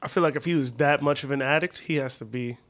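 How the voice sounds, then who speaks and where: A man's voice: medium pitch, fast talker. A man in casual chat, using a lot of slang and laughing often as he talks. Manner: slangy, laughing, trailing off quietly.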